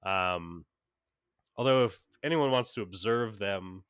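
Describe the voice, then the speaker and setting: A man's voice: on the low side, slow pace, fairly bright tone, clean tone, no echo, clean studio sound. A man running a tabletop game as game master, narrating in a rambling way full of fillers and restarts.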